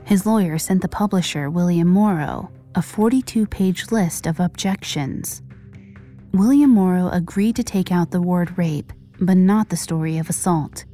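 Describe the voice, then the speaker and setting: A woman narrating a scripted true-crime story with measured pacing and dramatic pauses. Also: lowish voice, warm tone, faint music behind. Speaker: podcast narrator.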